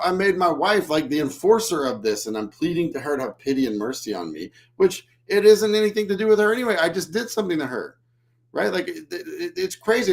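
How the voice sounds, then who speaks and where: A man hosting a leadership talk show, speaking bluntly and emphatically, swearing freely and acting out whiny apologies in a droopy voice. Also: high voice. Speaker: leadership podcast host. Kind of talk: casual coaching talk.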